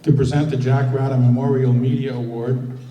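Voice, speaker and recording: A man serving as president and emcee, giving a steady, prepared welcome speech at a hall of fame banquet. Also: medium pitch, fairly quick. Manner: steady, reading prepared remarks. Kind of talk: formal ceremony speech. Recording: echoey banquet hall from far off.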